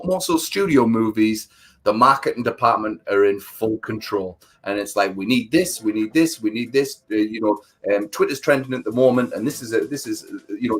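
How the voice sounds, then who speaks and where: A man co-hosting a casual livestream, telling stories in a rambling, animated way. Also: medium pitch, slightly rough. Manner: rambling, animated storytelling, many fillers. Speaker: livestream co-host.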